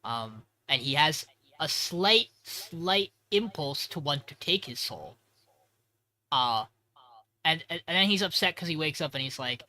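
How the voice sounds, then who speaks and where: A man co-hosting a podcast recaps an episode in loose, rambling fashion. He swears freely and often backtracks to fix details. His voice has a bright, sharp edge. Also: on the high side, sing-song, moderate pace. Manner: rambling, profane, self-correcting. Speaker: podcast co-host.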